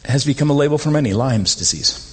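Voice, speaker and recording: A man preaching a sermon as pastor, animated and conversational, often rising in pitch to stress a point. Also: fast, slightly rough. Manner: animated, rises in pitch when making points. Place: church sanctuary. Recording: long hall reverb.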